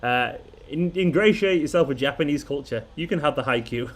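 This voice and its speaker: On a casual live watchalong for his football fan channel, this man talks fairly quickly in a slightly high voice with lively intonation. He tends to ramble, chuckle, and restart his sentences.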